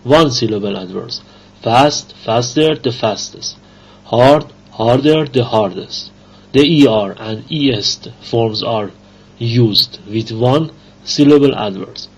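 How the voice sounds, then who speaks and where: A man teaching an English grammar lesson, reading rules and examples aloud slowly with pauses and fillers. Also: mid-range voice, breathy edge. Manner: slow, halting reading with fillers. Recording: dull lo-fi recording.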